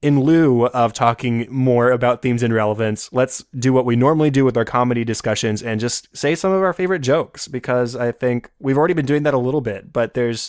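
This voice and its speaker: A man co-hosting a podcast, leading a relaxed conversation. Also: medium pitch, smooth, no echo, studio quality. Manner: relaxed, conversational, leads the discussion. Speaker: podcast co-host. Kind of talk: casual chat.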